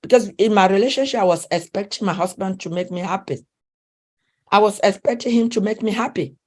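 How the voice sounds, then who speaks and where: Speaking a little fast in a medium-pitched, slightly mellow voice, a middle-aged relationship coach with a non-native English accent answers interview questions. She sounds earnest and emphatic, repeats herself, and pauses to find her words.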